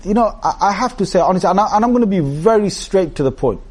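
A man giving an Islamic talk to a gathering, speaking casually and with humor, often breaking into lively impressions. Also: high-pitched, fast talker. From Britain. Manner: animated, mimics shouting preachers with humor; melodic chanted recitation. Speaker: preacher. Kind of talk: Islamic talk with Quran recitation.

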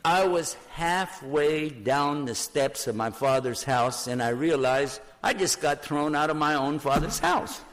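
An older man preaching in a storytelling sermon, animated and then hushed when he speaks of prayer. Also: a little high, measured pace, hardly any pauses. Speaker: preacher telling his conversion story.

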